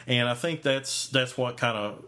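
A man's voice: mid-range voice, moderate pace, pushed and bright. A man in his forties, a podcast host, telling a story in casual chat, rambling with many fillers and restarts. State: hiccups.

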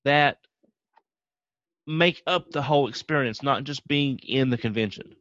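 Co-hosting a podcast, a man tells a rambling anecdote in an easygoing way, full of fillers and restarts as he chats casually. His mid-range voice is fairly bright and moves at a measured pace. There's no echo, though the high frequencies are cut off.

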